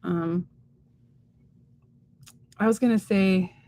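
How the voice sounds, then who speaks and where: A woman's voice: medium pitch, steady tone, extremely slow, warm tone. A woman co-hosting a casual live stream, talking in a rambling, chatty way with lots of fillers and playful quoted voices. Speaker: psychic medium, stream co-host.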